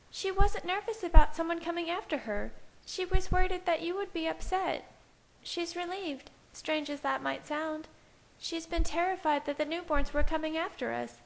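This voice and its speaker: A woman's voice: extremely high pitch, creaky, pitched above the performer's own voice. A woman reading a fanfiction aloud, voicing a cheerful, insistent young female vampire in a raised, chiding voice.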